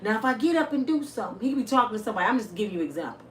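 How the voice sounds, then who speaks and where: A woman in her fifties talking casually and bluntly to her viewers, telling stories with salty, animated energy. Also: fairly high pitch, rapid-fire, hardly any pauses. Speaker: vlogger. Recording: roomy, a bit distant, faint hiss.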